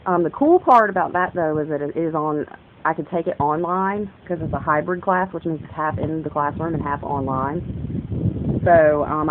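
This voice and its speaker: A woman's voice: low-pitched, normal speed, phone-quality sound, slight background noise. Rambling young woman vlogging. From northern United States. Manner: rambling, jumps between topics, self-interrupting. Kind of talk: casual vlog monologue.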